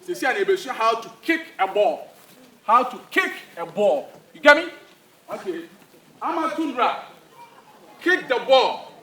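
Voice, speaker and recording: A man's voice: extremely high pitch, very animated, unhurried, long pauses, pushed and bright. A man with a Ghanaian accent playing a football coach in a comedy skit, giving bossy orders and mixing Twi with English. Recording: echoey, far from the mic, faint noise.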